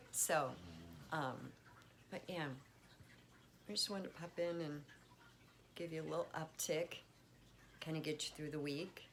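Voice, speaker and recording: Casual home vlogger, woman, deep and a bit creaky, faint room hiss. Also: fairly even intonation, a little slow, long pauses. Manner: chatty, warm toward her pets, frequent fillers. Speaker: spiritual vlogger. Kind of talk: casual check-in chat. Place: at home with pets.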